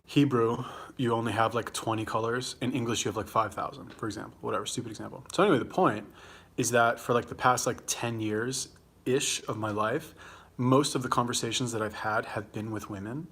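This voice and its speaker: A man's voice: mid-range voice, fairly even intonation, fairly quick, fairly bright tone, breathy edge. A young man with a Los Angeles accent hosting a casual livestream, rambling and swearing as he answers viewer comments while eating. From California. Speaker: livestream host.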